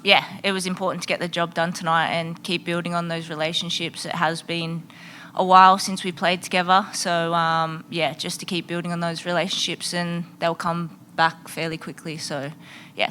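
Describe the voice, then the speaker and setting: A young woman, a footballer answering press questions in a relaxed way with plenty of fillers. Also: on the low side, normal speed, a little hiss or hum.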